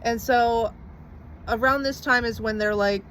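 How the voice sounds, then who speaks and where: A woman's voice: a little high, steady tone, a little slow, fairly bright tone, a little hiss or hum. A young woman casually recounting a personal story to camera, rambling with lots of "like" and some swearing. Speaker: vlogger telling her story.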